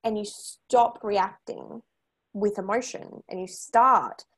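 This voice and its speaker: A woman's voice: mid-range voice, steady tone, takes it slowly, fairly bright tone, slightly rough. A woman hosting a podcast, talking earnestly and emphatically, repeating points for stress. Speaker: podcast host. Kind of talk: casual chat.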